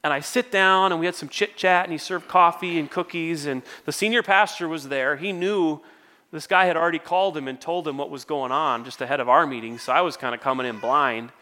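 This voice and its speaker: High-voiced man preaching a casual sermon. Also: brisk, pushed and bright. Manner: conversational storytelling with self-deprecating humor. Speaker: worship pastor. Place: in front of a church congregation.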